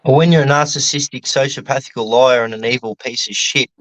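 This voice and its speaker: A man's voice: medium pitch, fairly even intonation, brisk, a bit bright, no room sound, low-quality recording. A man, talking bluntly and swearing in a casual chat.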